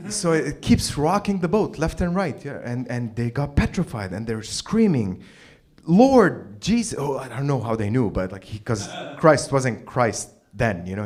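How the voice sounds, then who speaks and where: Animated, foul-mouthed stand-up comedian man. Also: medium pitch, measured pace. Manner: animated, profane storytelling with bursts of yelling. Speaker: open mic comedian. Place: small comedy venue stage.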